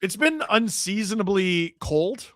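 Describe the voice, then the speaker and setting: A man hosting a live stream, reading viewer chat with jokes and shouting play-by-play when a goal goes in. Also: high-pitched, measured pace, no echo, clean studio sound. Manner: joking, excitable, shouts on goals. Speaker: livestream host reading chat. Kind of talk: casual live watch-along chat and play-by-play.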